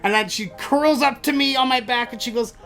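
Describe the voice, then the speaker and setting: A podcast host telling comic stories in an animated, jokey way. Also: male voice, brisk, creaky, faint music behind. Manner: animated, jokey, rises in pitch when excited. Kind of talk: comic storytelling.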